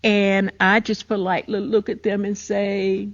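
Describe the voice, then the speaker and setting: An older woman tells her own story with strong emotion and emphasis. Her voice sits at a middle pitch. The recording is muffled and low-fi. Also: little pitch movement, unhurried, few pauses. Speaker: podcast host. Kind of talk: personal storytelling.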